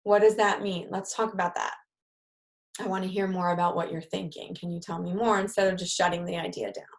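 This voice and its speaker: A woman's voice: fairly low pitch, steady tone, brisk. Woman leading a parenting workshop. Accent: New York. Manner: conversational, acts out example phrases to children. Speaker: parenting group leader. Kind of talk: live-streamed parenting workshop talk.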